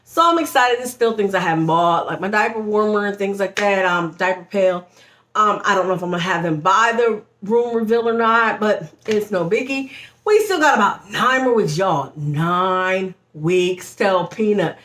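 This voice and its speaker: A woman's voice: mid-range voice, normal speed, fairly bright tone, roomy sound. A young woman vlogger chatting casually at home about her pregnancy, bubbly and talkative, laughing often and saying y'all. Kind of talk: casual pregnancy vlog chat.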